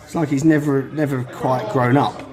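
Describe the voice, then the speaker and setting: A man's voice: medium pitch, steady tone, normal speed, music in the background. A man co-hosting a casual football chat, trading dry, joking banter. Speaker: podcast co-host.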